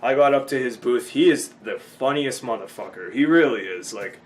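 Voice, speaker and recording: A man's voice: mid-range voice, expressive, moderate pace, a little hiss or hum. A man in his twenties from Boston, rambling casually in a vlog recap, with many ums and restarts and frequent swearing. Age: 20s. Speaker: vlogger.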